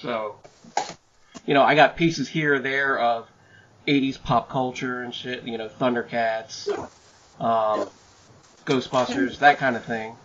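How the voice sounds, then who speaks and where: A man's voice: medium pitch, steady tone, a little slow, long pauses, a bit bright. A man hosting a podcast who chats casually and swears freely, over muffled audio with faint hiss. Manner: profane, storytelling. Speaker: podcast host. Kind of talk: casual chat.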